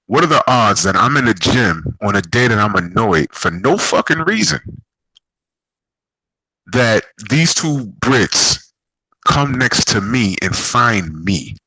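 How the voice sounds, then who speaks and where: A man's voice: lowish voice, big pitch swings, slow pace, bright, forceful tone, breathy edge, no echo, low-quality recording. A man hosting a casual group chat, telling long rambling stories full of swearing and fillers. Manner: profane rambling storyteller. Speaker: podcast host. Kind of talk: casual group chat about games and boxing.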